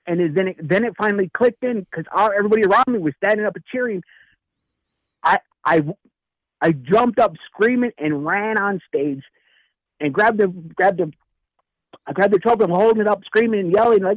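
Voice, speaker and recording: A man and author telling a story in casual chat, acting out the lines of the people in it with lively energy. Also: high-pitched, fairly quick, dry recording, lo-fi sound. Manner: animated, acts out dialogue in story. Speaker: guest speaker and author.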